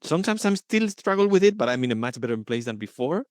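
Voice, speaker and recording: A man speaking as the guest in an interview, earnest and thoughtful, often pausing to search for his words. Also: a little high, very animated, darkish tone, dry recording, clean studio sound. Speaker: guest coaching supervisor. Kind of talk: reflective interview talk.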